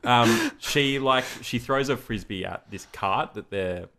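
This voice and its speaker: A man's voice: mid-range voice, unhurried, pushed and bright. A man co-hosting a podcast, rambling casually and trailing off mid-thought. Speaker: podcast co-host. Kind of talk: casual chat.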